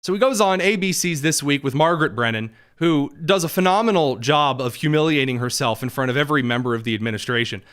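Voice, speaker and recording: Man, political show host, sarcastic, mocking asides, smooth clear voice, fairly high pitch. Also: fairly bright tone. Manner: quick, mocking, jokey asides.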